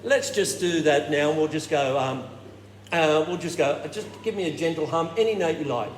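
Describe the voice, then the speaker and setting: A man leads a choir warm-up, and his speaking voice moves up and down a lot. He keeps breaking off to show the sound with hums and falsetto notes. The recording comes from a roomy hall with a long tail of reverb and audible background noise. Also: lively intonation, moderate pace. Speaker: choir director.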